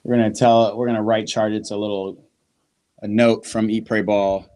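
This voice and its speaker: A man's voice: on the low side, level tone, normal speed, dark tone, no echo, clean studio sound. A man hosting a casual football watch-party stream, loose and chatty, swearing now and then and talking straight to his viewers. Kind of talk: casual live-stream chat. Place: backyard, later indoors.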